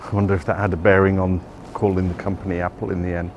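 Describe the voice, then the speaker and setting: A man with a deep voice, little pitch variation and a quick pace narrates a rambling city walking tour, correcting himself frequently. The outdoor recording picks up traffic, and the high frequencies are cut off.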